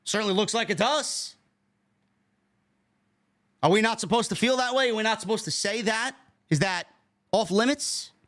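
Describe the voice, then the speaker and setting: A man's voice: sits high, moderate pace, long pauses, fairly bright tone. A man co-hosting a wrestling podcast, indignantly ranting with profane rhetorical questions. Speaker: podcast co-host. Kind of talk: heated podcast rant.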